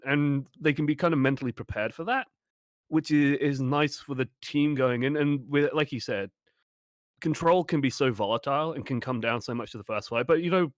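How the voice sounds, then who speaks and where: A man co-streaming, talking over a match in a relaxed, analytical, wry way. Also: on the high side, brisk, no echo, studio quality. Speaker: co-streaming guest. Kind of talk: casual game-analysis chat.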